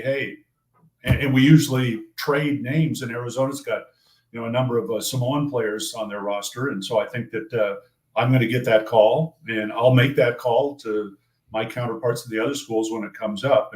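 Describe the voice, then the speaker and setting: An older man, a sports play-by-play broadcaster, answering questions in a measured, thoughtful way, often restarting his phrases. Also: medium pitch. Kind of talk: casual interview answers. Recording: roomy echo.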